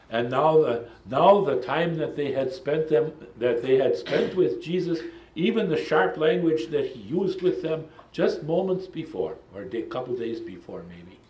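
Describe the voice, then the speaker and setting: A man's voice: medium pitch, darkish tone, reverberant, poor audio. A man teaching a lecture-style Bible study. He talks in a thoughtful, digressive way, with frequent ums and side remarks.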